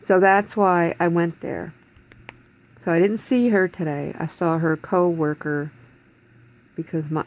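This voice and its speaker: A woman's voice: on the low side, poor audio. A woman in her forties talking in a rambling, distressed way in a personal video diary from home, holding back tears. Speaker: vlogger.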